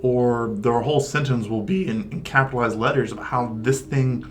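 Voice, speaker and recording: A man co-hosting a paranormal discussion show, chatty and quick in places. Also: medium pitch, a little hiss or hum. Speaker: paranormal podcast co-host. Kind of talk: casual discussion.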